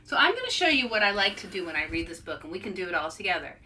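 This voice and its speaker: A woman author leading an interactive storybook read-aloud for children, playful and animated, inviting listeners to join in. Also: lowish voice, rapid-fire.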